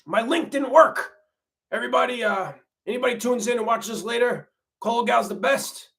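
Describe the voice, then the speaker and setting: A man's voice: extremely high pitch, moderate pace, gravelly, a bit bright, heavily acted. A man playing a folksy, laid-back grandmother on a comedic parody livestream, rambling and repeating himself. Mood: chatty. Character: folksy middle-aged grandmother reality-TV wife, laid-back. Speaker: livestream host.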